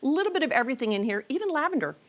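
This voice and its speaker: Upbeat lady showing recipes on a tv kitchen segment, slightly high voice. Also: big pitch swings, very fast. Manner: chatty, upbeat demonstrator. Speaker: dietitian cooking guest. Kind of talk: lively TV cooking segment.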